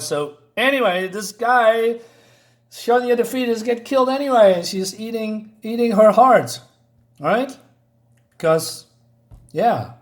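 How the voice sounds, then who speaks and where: Male comic reviewer, higher-pitched voice, sarcastic and dismissive, loose rambling delivery, casual home setup.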